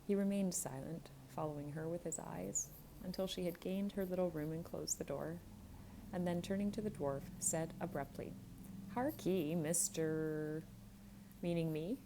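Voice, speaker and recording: A woman reading a classic novel aloud as a calm bedtime story. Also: lowish voice, moderate pace, vocal fry, slight background noise, rough recording. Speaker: audiobook reader.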